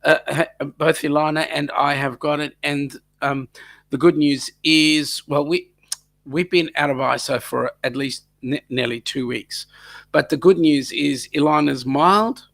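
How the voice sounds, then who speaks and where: Croaky Australian man hosting a livestream. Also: fairly high pitch, fairly even intonation, a little slow, a bit bright. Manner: jokey, reads out viewer chat comments. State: croaky from a lingering cough. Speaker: livestream host. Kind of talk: casual livestream chat.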